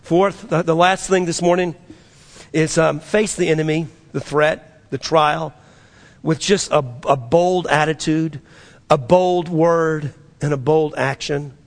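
A male pastor preaching with a high, gravelly voice. He swings between loud, drawn-out exhortation and low, quiet asides, acting out the people in his stories. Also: fairly even intonation. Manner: preaching with dramatic swings, quoting figures in voices. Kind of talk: sermon.

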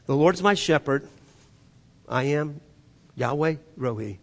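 A man preaching a sermon, his voice sitting a little high for a man. He moves between loud, emphatic preaching and hushed, soft passages, and he leads the congregation in call-and-response. The sound carries a long reverb from a church hall. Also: lively intonation, takes it slowly, long pauses. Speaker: pastor. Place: church sanctuary.

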